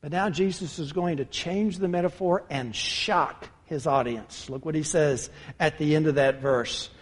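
Preacher, male, high voice, emphatic sermon delivery, reverberant hall sound. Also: measured pace. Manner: emphatic, addresses listeners as brothers and sisters.

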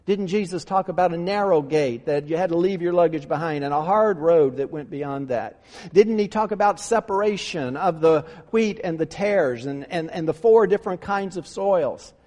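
A man's voice: a little high, moderate pace, a little mellow, big-room sound. A male pastor preaching a sermon with emphasis, repeating key phrases and firing off rhetorical questions.

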